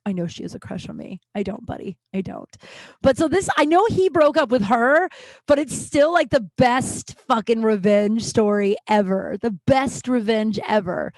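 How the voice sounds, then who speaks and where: A woman comedian hosting her podcast, telling a story in a rambling, swearing, filler-heavy way and jumping into high, animated voices for the people she quotes. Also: dry recording. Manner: swears freely and bluntly. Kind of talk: casual comic storytelling.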